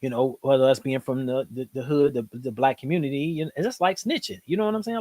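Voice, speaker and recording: A man hosting a live stream, reacting to clips in rambling, animated casual commentary full of fillers. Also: medium pitch, fast, no echo.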